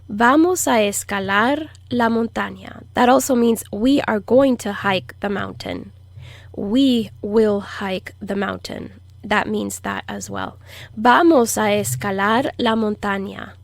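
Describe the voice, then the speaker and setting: A woman teaching a language lesson, who says each word slowly and clearly for learners to repeat and explains pronunciation patiently. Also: mid-range voice, no room sound. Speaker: Spanish teacher. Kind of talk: slow, deliberate language lesson.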